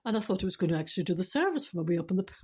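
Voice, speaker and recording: A woman's voice: on the low side, very animated, racing, a little mellow, husky. An older Scottish woman telling a personal spiritual story in a chatty, laughing way, switching to earnest teaching. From Scotland. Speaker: spiritual vlogger. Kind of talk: casual storytelling to camera.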